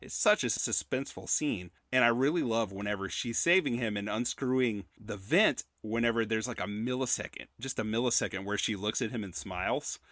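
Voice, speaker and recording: Low-voiced man co-hosting a movie podcast. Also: a little fast, few pauses, fairly bright tone, dry recording, studio quality. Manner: enthusiastic, detailed retelling of scenes. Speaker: podcast co-host. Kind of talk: casual movie review chat.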